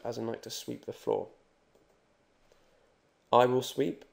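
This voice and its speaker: A man teaching Spanish grammar in a video lesson, joking and reassuring as he repeats examples slowly. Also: mid-range voice, level tone, vocal fry, a little mellow.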